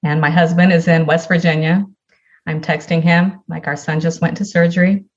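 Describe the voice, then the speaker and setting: Low-voiced woman telling her story. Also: fairly even intonation, moderate pace, lo-fi sound. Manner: earnest, acts out dialogue from her story. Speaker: podcast guest. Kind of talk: personal storytelling.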